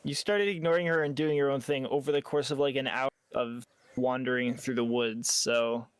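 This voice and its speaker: A man's voice: mid-range voice, steady tone, moderate pace, smooth, no room sound. A man running a tabletop game as game master over a voice call, joking and laughing between bursts of narration. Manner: laughing, joking, breaks into loud outbursts. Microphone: headset or desk mic on a voice call.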